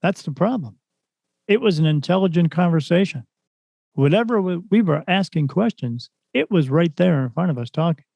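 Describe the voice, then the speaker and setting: A man in a casual podcast chat spins a long story with animated energy, slipping into the lines of the people in it. His voice sits a little high for a man but has a mellow, soft tone. The recording is close and dry. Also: normal speed, creaky, dry recording. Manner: animated retelling, acts out quoted voices. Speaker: podcast guest, spirit medium.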